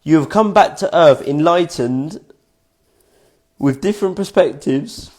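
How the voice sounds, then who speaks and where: A man's voice: on the high side, expressive, a little slow, darkish tone. A man reading his own written notes aloud in a casual vlog, reflective and swearing freely, often breaking into helpless giggles. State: fits of giggling. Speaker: vlogger.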